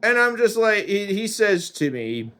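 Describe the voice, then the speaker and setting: A man rambling through a comic first-person monologue, deadpan and full of swearing. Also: sits high, unhurried.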